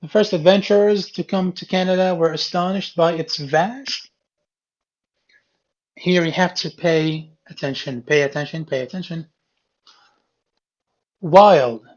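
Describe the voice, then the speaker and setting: In a dull lo-fi classroom recording, a teacher reviews a reading quiz, taking each question step by step and patiently repeating key words. He speaks unhurriedly in a fairly high voice, with long pauses.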